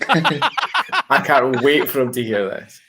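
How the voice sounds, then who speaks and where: A man's voice: mid-range voice, huge pitch swings, slow, very noisy. A Glaswegian man co-hosting a podcast in casual chat, wry and laughing as he talks. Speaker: podcast co-host.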